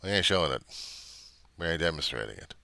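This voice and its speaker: Indignant older man with a bright, crisp voice. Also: rumbling low, animated, fast, no echo. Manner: rambling, indignant, swears often. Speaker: reverend. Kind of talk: casual rant on camera.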